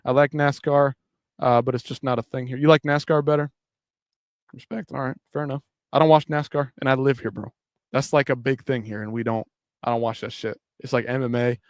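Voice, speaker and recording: A man's voice: mid-range voice, flat delivery, fairly quick, no room sound, studio quality. A man hosting a live stream late at night, talking casually and profanely in a loose, rambling way with many restarts. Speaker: livestream host.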